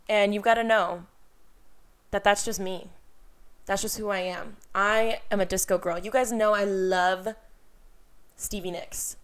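A young woman hosting her own podcast alone, chatting casually, blunt and profane, with loud outbursts and muttered asides. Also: mid-range voice. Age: young adult. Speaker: podcast host. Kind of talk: casual solo podcast chat. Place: indoor room with an air conditioner.

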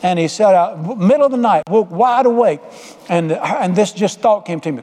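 A man's voice: high voice, expressive, normal speed, mellow. An older man preaching a folksy, humorous sermon full of stories. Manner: folksy, humorous, drawling storyteller. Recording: echoey hall.

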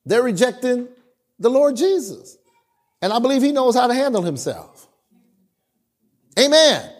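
A male pastor preaching a sermon in church, animated, swinging between loud emphasis and quiet asides and often repeating words as he restarts. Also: very high voice, measured pace.

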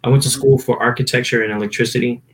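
Give me a young man from New Jersey rambling through stories as a podcast guest, his pitch mid-range. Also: steady tone, quick pace. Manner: rambling, filler-heavy storytelling. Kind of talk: casual podcast chat.

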